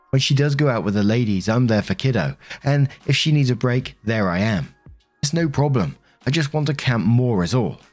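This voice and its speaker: A man narrating written online stories aloud in a steady, scripted reading style. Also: lowish voice.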